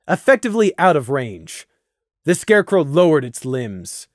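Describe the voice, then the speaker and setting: A man narrating a storybook with a lively, swooping delivery that rises and falls through every sentence. His voice sits slightly high for a man, recorded close and dry with no room behind it. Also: dry recording. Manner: expressive, dramatic reading. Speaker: audiobook narrator. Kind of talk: scripted fan fiction narration.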